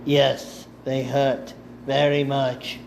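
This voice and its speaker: A man reads as a captive young woman warrior whose replies are strained and guarded. The delivery is slow and gravelly, in a middle pitch that stays close to the reader's own. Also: flat delivery, slight background noise.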